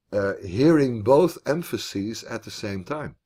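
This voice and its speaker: A man's voice: mid-range voice, animated, unhurried, darkish tone. A man teaching philosophy online in a video call, thinking aloud as he explains, with restarts and repeated words.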